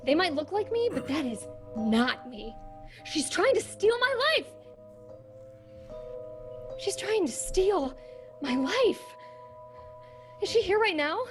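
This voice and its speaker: A young wife in an audio drama, cool and evasive,. Her voice sits high, with clear music running underneath. She talks plainly. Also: very animated, takes it slowly, pauses often, exaggerated voice. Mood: frantic. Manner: plain, then frantic and insistent. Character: young wife, secretive then panicked.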